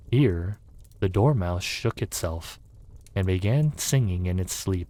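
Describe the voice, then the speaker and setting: Calm male narrator, soft ASMR-style storybook reading, deepish voice. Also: no echo. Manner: calm, unhurried.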